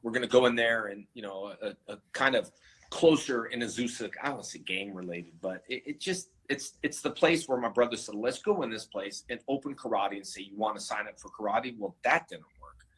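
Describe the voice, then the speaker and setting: Husky man telling animated stories. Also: on the low side, a little fast, rough recording. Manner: animated anecdotes, acts out quoted voices. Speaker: interviewee. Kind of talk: casual storytelling.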